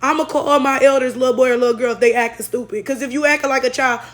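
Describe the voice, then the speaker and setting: A woman's voice: high voice, steady tone, very fast. A woman telling a story in a casual rant, blunt and heavily profane, often checking in with tag questions. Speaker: storytelling vlogger.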